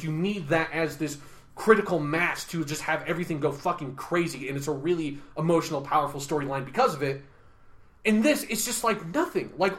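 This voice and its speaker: Heated ranting man, higher voice. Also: a bit bright. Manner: ranting, swears often, heated. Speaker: podcast co-host. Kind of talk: casual review chat.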